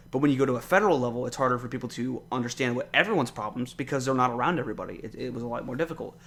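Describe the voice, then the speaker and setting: A man's voice: mid-range voice, creaky. Young male podcaster, casual and profane, rambles through an exasperated solo monologue. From United States. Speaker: podcast host.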